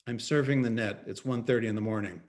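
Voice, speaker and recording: A man's voice: mid-range voice, fast talker, darkish tone. A man reading his own story aloud as first-person audiobook narration, dry and wry in tone.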